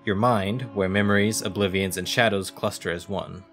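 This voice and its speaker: A man's voice: fairly low pitch, steady tone, normal speed, fairly bright tone, soft background music. Cryptic street fortune teller, read out by a man.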